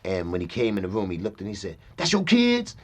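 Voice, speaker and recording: A man in his fifties, an interview guest telling a story in a lively, streetwise way, often acting out what other people said. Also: sits low, rapid-fire. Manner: lively, acts out quoted people in excited voices, streetwise slang. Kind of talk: animated storytelling.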